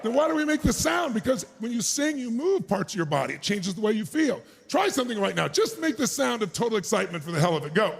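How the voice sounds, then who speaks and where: A man giving a motivational speech to a live crowd on an arena stage. He is energetic and shouts to pump up the crowd, with crude, joking asides. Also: high-pitched, fast talker, creaky, hardly any pauses, background noise. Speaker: motivational speaker.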